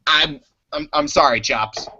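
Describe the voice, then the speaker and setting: A man's voice: on the high side, measured pace, pushed and bright, breathy edge, lo-fi sound, heavily acted. Man doing a nervous, stammering alien underling. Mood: defensive. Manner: defensive, apologetic stammer.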